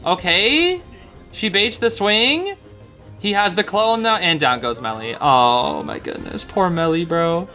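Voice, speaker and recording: A young man giving casual, excitable commentary on a video game, groaning in sympathy and using lots of slang. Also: sits high, measured pace, faint music behind. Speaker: gaming streamer.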